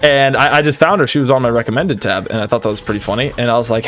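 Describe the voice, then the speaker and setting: A man's voice: medium pitch, racing, hardly any pauses, faint music behind. Rambling man telling a party story. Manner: animated, rambling, with frequent fillers. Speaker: streamer. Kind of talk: casual storytelling.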